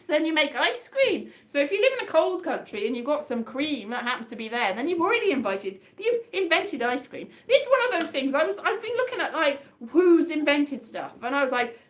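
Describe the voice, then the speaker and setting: High-voiced woman rambling in sing-song. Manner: chatty, meandering, sing-song, self-mocking. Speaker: fringe show host. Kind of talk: rambling half-sung chat over guitar.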